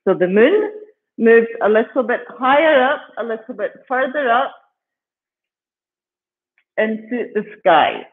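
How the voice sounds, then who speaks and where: A man's voice: very high voice, animated, slow pace, pauses often, narrow, tinny audio. A man with a British accent teaching English to children by telling a story, patiently repeating words and often checking "okay?", over a video call.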